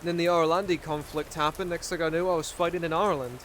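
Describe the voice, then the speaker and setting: A man voicing a young male sergeant in a casual roleplay, rambling and pausing to search for words. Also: fairly high pitch, fairly even intonation, a little hiss or hum, close to an everyday voice. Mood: reminiscing. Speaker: roleplay player.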